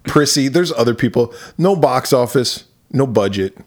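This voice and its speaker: A man co-hosting a casual horror movie podcast, chatty and prone to high-pitched laughing fits. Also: expressive, moderate pace. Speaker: podcast co-host. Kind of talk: casual movie review chat.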